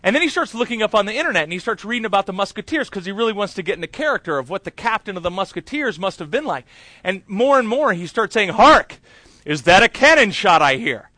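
A man's voice: high voice, lively intonation, fast, sharp tone, no echo. A man preaching a sermon, telling a long story in a chatty way with many fillers.

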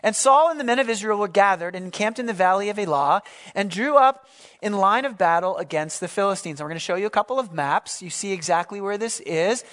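A pastor preaching a sermon, reading scripture and explaining it in a relaxed, conversational way with asides. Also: male voice, high voice, quick pace.

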